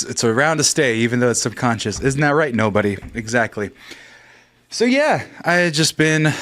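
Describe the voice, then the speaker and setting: A young man hosting a podcast, rambling and joking at himself, out of breath and soft-voiced after a night of yelling. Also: mid-range voice. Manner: rambling, self-mocking. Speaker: podcast host. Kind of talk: casual chat.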